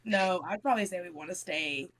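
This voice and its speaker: A woman's voice: on the low side, a little fast, fairly bright tone, a little hiss or hum. A woman playing in a tabletop game, giggly and playful. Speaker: player.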